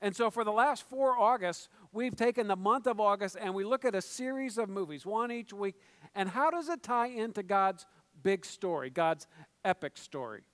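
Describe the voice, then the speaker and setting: A middle-aged male pastor delivers a sermon in a fairly high voice. He talks conversationally, with joking asides and stumbled restarts. The sound carries the long reverb of a church hall. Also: lively intonation, normal speed. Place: church sanctuary.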